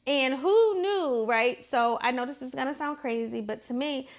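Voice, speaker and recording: A woman's voice: high voice, moderate pace. A woman in her thirties hosting her own vlog, talking through her opinions in a chatty, emphatic way and repeating phrases for effect. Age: 30s. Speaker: vlog host. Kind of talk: casual opinionated monologue.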